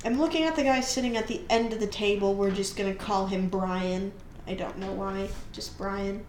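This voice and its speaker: A woman's voice: medium pitch, fairly even intonation, normal speed, a little mellow. A woman hosting a casual storytime while coloring, chatty and rambling, often correcting herself mid-sentence. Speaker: channel host. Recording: roomy echo with faint hiss.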